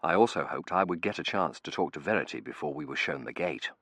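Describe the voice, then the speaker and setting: A man narrating an audiobook with dry, expressive storytelling. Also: extremely low pitch, fast talker, no room sound. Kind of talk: scripted narration.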